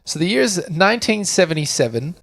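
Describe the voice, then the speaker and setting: A man's voice: sits high, sing-song, vocal fry, a bit bright, no room sound, clean studio sound. An Australian man in his thirties, co-hosting a podcast, telling stories in a playful, joking way. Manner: playful storytelling, quick to joke. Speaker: podcast co-host. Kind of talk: casual chat.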